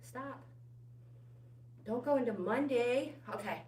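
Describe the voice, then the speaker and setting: With lively intonation and a fairly bright tone, a middle-aged woman speaks a little slowly in a mid-range voice. She's running a live walking workout, chatting, encouraging and greeting viewers by name while slightly winded, in a room with noticeable echo.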